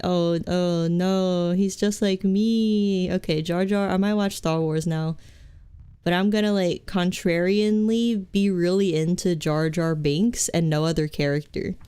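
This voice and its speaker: A woman's voice: fairly low pitch, a little slow, darkish tone, clear, resonant tone. A young woman streaming a game, chatting in a rambling, goofy, self-mocking way with many restarts. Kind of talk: live game stream chat.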